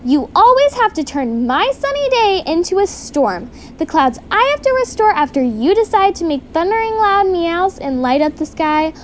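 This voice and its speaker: A woman voicing a bossy female cloud cat who scolds loudly and gives orders. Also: high voice, expressive, moderate pace, hardly any pauses, a little hiss or hum. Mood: scolding. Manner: loud, scolding, commanding.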